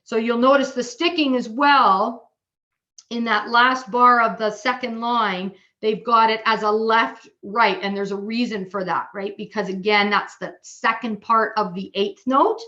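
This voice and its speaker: A woman giving a bass drum seminar. She explains patiently, counts rhythms aloud and checks in with "okay?". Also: fairly bright tone, dull audio.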